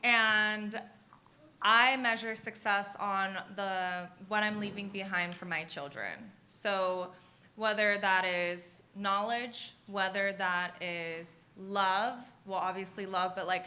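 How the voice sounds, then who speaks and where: Bright, earnest woman on a panel. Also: medium pitch, steady tone, slow. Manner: earnest and repetitive, emphatic. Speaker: panelist, mother. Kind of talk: live panel discussion. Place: live event at a university.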